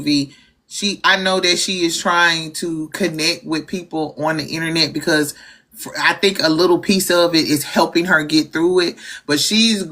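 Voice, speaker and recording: A woman's voice: low voice, bright, forceful tone. A woman, talking candidly and emotionally on a livestream, with frequent swearing. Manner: candid, profane, heartfelt. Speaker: livestream guest.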